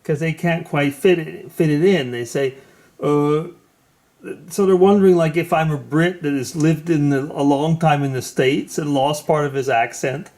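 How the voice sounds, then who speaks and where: A man's voice: on the high side, normal speed, darkish tone. A man hosting a casual video chat, talking hesitantly with many fillers. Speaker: host.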